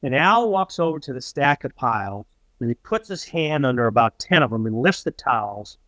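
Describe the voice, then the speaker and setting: A man's voice: mid-range voice, very animated, normal speed, a bit bright, no echo, rough recording. An older man telling a story as an interview guest, animatedly acting out the voices of the people he quotes.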